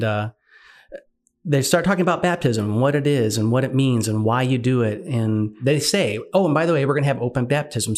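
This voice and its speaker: A man earnestly recounting a personal faith story, acting out the dialogue as he goes. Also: mid-range voice. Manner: earnest, animated retelling with quoted dialogue. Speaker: guest sharing testimony.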